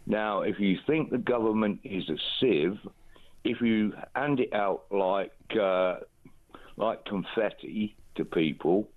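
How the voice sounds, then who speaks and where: A man calling in to a radio phone-in, speaking in a measured, wry way. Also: on the low side. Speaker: caller. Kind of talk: phone-in call. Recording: tinny phone line.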